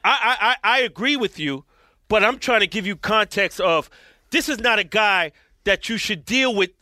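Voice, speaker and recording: A man's voice: high-pitched, expressive, normal speed, bright, forceful tone, dry recording, studio quality. A man in casual podcast chat, emphatic and profane.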